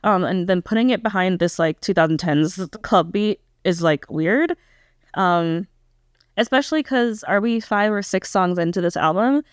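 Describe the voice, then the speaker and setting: A young woman with a lowish, smooth voice talks at normal speed through a candid reaction review of a pop album. She hesitates and fills her thoughts with "um" and "like," questioning her own critique, in a studio-quality recording with no echo.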